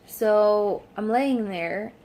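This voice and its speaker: At home, a young woman vlogs a story to camera in a warm, medium-pitched voice, drawing out her words amid slight background noise. She's chatty, says "like" constantly, and acts out what people said.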